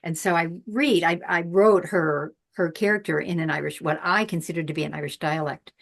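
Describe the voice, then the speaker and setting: A woman's voice: lowish voice, a little fast, vocal fry. Woman host telling stories on a call. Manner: storytelling, laughs at her own anecdotes. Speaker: host and author. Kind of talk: casual podcast chat. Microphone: video call.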